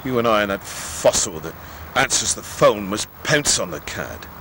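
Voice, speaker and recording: A man's voice: fairly low pitch, lively intonation, moderate pace, bright, forceful tone. An actor playing a suspicious older man in a 1950s mystery film, talking in a persuasive, condescending way. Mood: conspiratorial. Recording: hissy old VHS film transfer.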